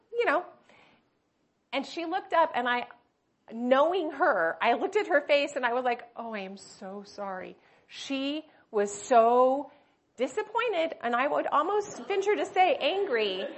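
Middle-aged woman Bible study teacher with a slightly high voice, heartfelt, story-driven, restarts often. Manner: emotional, personal storytelling with many restarts. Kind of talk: women's Bible study talk.

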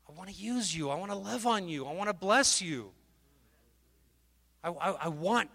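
High-voiced emotional preacher guy, forceful and fervent, long reverb off a big stage. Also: lively intonation, brisk, gravelly. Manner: fervent, exhorting, swings from loud to hushed; emotional, repeats and restarts words. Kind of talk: sermon. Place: festival stage.

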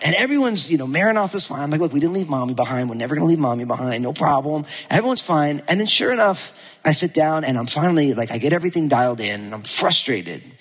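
A man who is a pastor, preaching a sermon and telling a personal story in a lively, animated way, acting out the lines of people in it. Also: fairly high pitch, long reverb tail. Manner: animated storytelling, acts out quotes. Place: church.

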